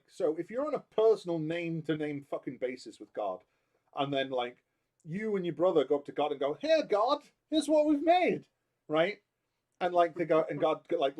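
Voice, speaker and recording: A man's voice: a little high, darkish tone. A man chatting casually and irreverently as a podcast co-host, swearing and mocking voices.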